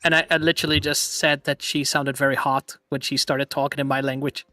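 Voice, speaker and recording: A man's voice: medium pitch, level tone, fairly quick, pushed and bright, no room sound, clean studio sound. A young man hosting a casual streamed chat, laughing often and talking playfully. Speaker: VTuber streamer host.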